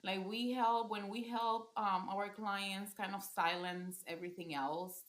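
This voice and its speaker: A woman's voice: mid-range voice, fairly even intonation, measured pace, a bit bright. Woman parent coach, casual podcast talk, earnest, restarts phrases often, roomy echoey recording. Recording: roomy echo.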